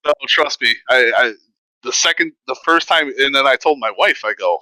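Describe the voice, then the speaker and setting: Bright-voiced man telling a story. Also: mid-range voice, moderate pace, dry recording, low-quality recording. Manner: animated, acts out quoted voices. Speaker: podcast host. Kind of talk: casual storytelling.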